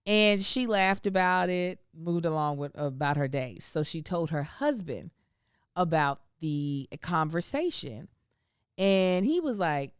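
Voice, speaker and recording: Brief: woman podcast host, smooth and low-pitched, conversational, dry close sound. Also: a little slow, no echo. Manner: conversational, probing questions, retells stories. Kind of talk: casual chat.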